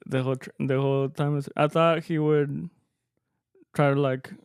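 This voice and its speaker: A man co-hosting a podcast, telling a gig story in relaxed chat and switching between English and Spanish. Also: a little high, moderate pace, clean tone, no echo, studio quality. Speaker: podcast co-host, mariachi musician. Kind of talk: casual chat.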